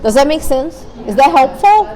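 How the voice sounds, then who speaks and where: A woman's voice: high-pitched, big pitch swings, normal speed, a crowd in the background, low-quality recording. A woman therapist giving an earnest, candid talk to a parent support group, repeating her key points. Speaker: guest speaker, therapist. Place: meeting room.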